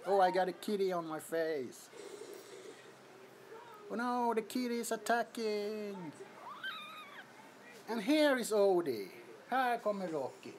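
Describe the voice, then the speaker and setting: A man with a Swedish accent chats casually through a livestream from an apartment, giggling often. His voice sits high and his pace is slow and easy, with a faint hum of room noise behind him. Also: expressive. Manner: giggly, amused, introducing kittens. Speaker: livestream host. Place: indoors, apartment.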